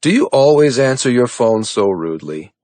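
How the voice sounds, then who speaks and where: A man's voice: mid-range voice, big pitch swings, moderate pace, a little mellow, dry recording, pitched above the performer's own voice, lightly acted. A male audiobook narrator voicing a menacing, sneering man with an American accent. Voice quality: taunting, sneering. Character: menacing sneering man, the hero's hateful brother.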